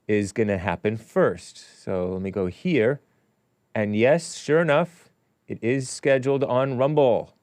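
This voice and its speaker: A man's voice: medium pitch, lively intonation, measured pace, dry recording. A man hosting his own talk show, chatting casually in a rambling, musing way with offhand asides. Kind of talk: casual livestream monologue.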